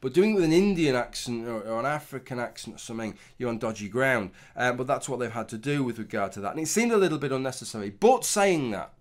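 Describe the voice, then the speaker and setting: A man's voice: medium pitch, expressive, quick pace, hardly any pauses. Man, middle-aged, rambling commentary, sweary, restarts a lot. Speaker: commentary vlogger. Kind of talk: casual opinion commentary.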